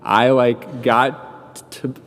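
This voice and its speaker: A man's voice: mid-range voice, little pitch movement, extremely slow, a bit bright. A man giving a homily in a church, telling a personal story in a casual, conversational way with many "like" fillers and chuckling at himself. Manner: chuckles at his own story. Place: church sanctuary. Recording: long church-hall reverb.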